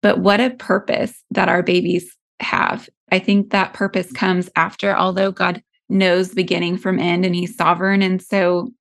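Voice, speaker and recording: A woman hosting a faith-based interview, speaking in a gentle, earnest, prayerful way. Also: on the low side, flat delivery, measured pace, gravelly, hardly any pauses. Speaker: podcast host.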